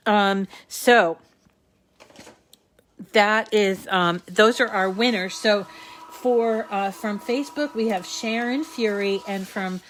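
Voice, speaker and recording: A woman's voice: medium pitch, slow, a little hiss or hum. A woman with a New England accent hosting a live crafting show, chatting with viewers in a casual, filler-filled way.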